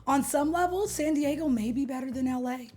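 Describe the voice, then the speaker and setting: A woman's voice: high voice, a little fast, mellow. A young adult woman from California, streaming and chatting casually with her viewers in a playful, slangy way, greeting them by name. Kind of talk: casual chat with live viewers.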